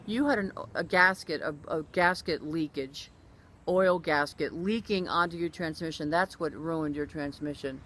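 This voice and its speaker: A woman recounting a personal story in a relaxed, conversational way. She stays animated and acts out what others said as she goes. She often breaks off and restarts her sentences mid-thought. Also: deep voice, normal speed. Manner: animated, acts out other people's quoted lines; frequent restarts and self-corrections. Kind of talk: casual spoken anecdote.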